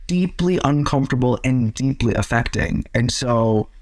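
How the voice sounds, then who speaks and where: A man, an actor, chatting as an interview guest and telling set stories with lively acted-out quotes. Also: mid-range voice, normal speed, no echo. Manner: lively storyteller, acts out quotes. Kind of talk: casual interview chat.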